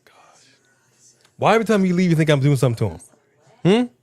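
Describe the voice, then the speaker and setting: A man's voice: fairly high pitch, fast, dry recording. A man co-hosting a live stream, chatting casually and playfully reading out viewer comments. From Southern California. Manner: energetic, playful, reads chat aloud.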